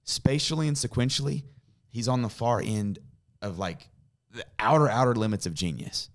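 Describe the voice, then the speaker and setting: A man, a pastor, tells a personal story in a podcast conversation, earnest and dropping to a hush in emotional moments. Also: medium pitch, normal speed.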